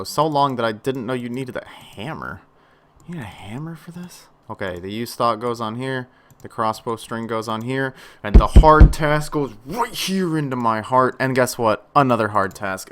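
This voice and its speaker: Young dude rambling over his game, lowish voice, mutters then gets all hyped. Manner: chatty, swings from low mutters to excited outbursts. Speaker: gaming channel host. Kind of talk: casual gameplay commentary.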